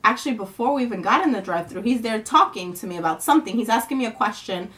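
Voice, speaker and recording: A woman's voice: on the high side, animated, quick pace, a bit bright. A young woman vlogging at home, venting in a rambling, frustrated way and swearing casually.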